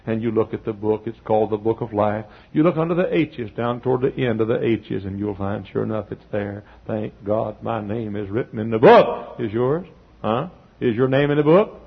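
An older man from Texas preaching a sermon in a folksy style, swelling to near-shouted peaks and dropping to quiet asides. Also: medium pitch, vocal fry, breathy edge. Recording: dull lo-fi sermon tape.

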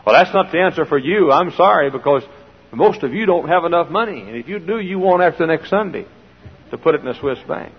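A man preaching a sermon in a folksy style, full of rhetorical questions, swinging between loud and hushed. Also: a little high, lively intonation, a little fast, breathy edge. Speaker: pastor. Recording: dull old sermon recording in a large hall.

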